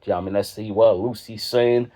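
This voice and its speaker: A man's voice: lowish voice, fairly even intonation, fast talker, dark tone. A man doing jokey commentary, rambling in slang and asking "you know what I mean" again and again. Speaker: comedy vlogger reacting to dating profiles. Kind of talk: jokey commentary with sung snippets.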